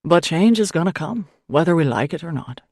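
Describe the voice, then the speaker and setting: Lady putting on a soft low priest guy, kind and patient, dry close sound. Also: expressive, dry recording. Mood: wistful. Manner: warm, patient, slow. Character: kindly gentle male priest, patient and soft-spoken.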